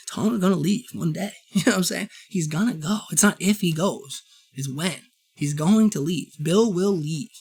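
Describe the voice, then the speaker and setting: A man's voice: high-pitched, fairly bright tone. A man hosting his own show, giving a fired-up, rambling sports opinion rant that circles back and repeats itself. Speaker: show host.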